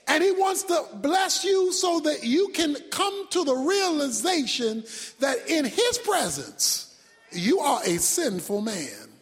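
A man preaching a sermon as pastor, swinging from loud shouts down to near-whispers. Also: very high-pitched, sing-song, slow. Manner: preaching with sudden shouts and drops to a hush. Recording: long hall reverb.

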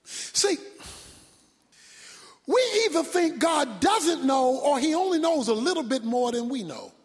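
A man preaching a sermon as pastor, swinging from loud shouts down to near-whispers. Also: extremely high pitch, very animated, unhurried. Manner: preaching with sudden shouts and drops to a hush. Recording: long hall reverb.

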